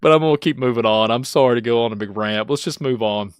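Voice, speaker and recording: A man's voice: mid-range voice, fast, smooth, no room sound. Kentucky-accented male host, rambling rant, dry close sound. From Kentucky, USA. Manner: rambling, self-mocking, laughing asides. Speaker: channel host. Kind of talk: casual ranting commentary.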